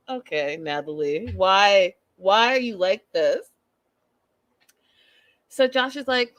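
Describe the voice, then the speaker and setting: A woman hosting a casual reality-show recap, sassy and animated, acting out what people said. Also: medium pitch, measured pace, pauses often, no room sound. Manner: animated, sassy, acts out quotes.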